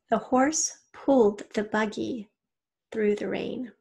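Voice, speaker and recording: A woman teaching and dictating a children's spelling test, reading each word slowly in an example sentence and giving spelling hints. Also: mid-range voice, gravelly, darkish tone, breathy edge.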